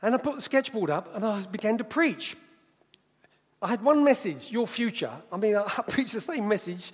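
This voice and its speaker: High-pitched guy telling his testimony, keeps laughing, muffled lo-fi sound. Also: normal speed, husky. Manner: lively, laughs often between phrases. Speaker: evangelist giving his testimony. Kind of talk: personal testimony storytelling. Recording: dull sound with long hall reverb.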